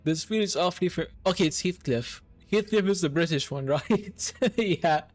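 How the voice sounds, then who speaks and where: A man streaming a video game, chatting casually and excitably with his viewers and swearing freely. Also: high voice, moderate pace. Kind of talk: casual live-stream chat while gaming.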